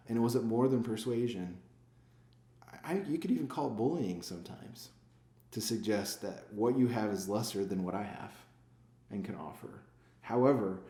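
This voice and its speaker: A man's voice: lowish voice, mellow. A man, a sales manager and former pastor, talking reflectively in a casual interview, asking himself rhetorical questions and answering them. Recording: echoey room.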